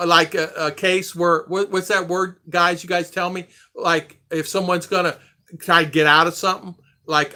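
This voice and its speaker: A man's voice: a little high, moderate pace, sharp tone. An older man, host of a casual chat stream, rambling through a story and acting out the quoted dialogue with animation.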